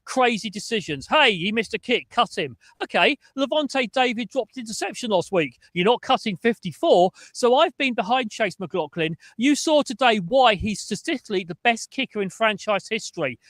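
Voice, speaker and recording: Male panelist, very high voice, animated and opinionated, dry. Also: normal speed, few pauses, dry recording. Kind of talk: sports talk.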